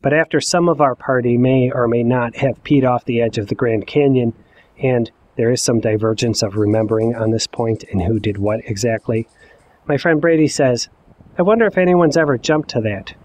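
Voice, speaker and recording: A man in his forties telling a personal story in the first person, with wry, self-mocking, deadpan asides. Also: medium pitch, moderate pace. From Ohio. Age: 40s. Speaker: narrator.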